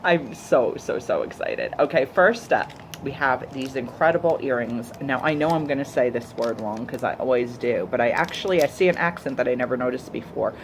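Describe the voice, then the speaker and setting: A woman's voice: a bass voice, a little hiss or hum, poor audio. A woman vlogger, chatty and gushing, unboxing and reviewing jewelry to a camera. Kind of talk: casual unboxing chat.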